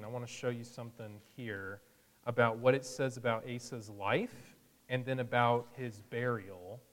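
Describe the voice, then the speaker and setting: A man's voice: mid-range voice, in a large hall. A man teaching a Bible sermon in a conversational way, acting out the people he quotes with a chuckle now and then. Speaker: preacher.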